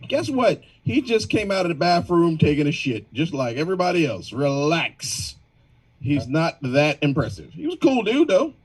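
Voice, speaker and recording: A man's voice: on the high side, moderate pace, husky, poor audio. A man telling wild work stories on a video call in casual slang, mimicking people he talks about. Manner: animated, slangy, mimics people in exaggerated voices. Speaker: band member.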